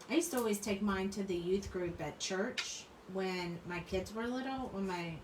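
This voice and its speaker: A middle-aged woman with a lowish voice hosts a crafting channel, chatting and rambling casually while she crafts. She laughs often as she talks. The mic sits at a distance in a roomy space, with noise in the background.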